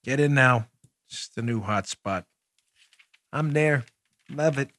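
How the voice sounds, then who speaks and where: A man hosting a political talk show, excitable and loud, with a sarcastic edge. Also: medium pitch, slow. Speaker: podcast host.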